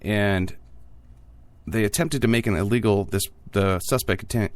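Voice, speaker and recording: Casual podcast host, male, deep voice, jokey offhand delivery. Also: fairly even intonation, normal speed, no echo. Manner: jokey, offhand asides with frequent fillers. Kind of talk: casual tech news podcast.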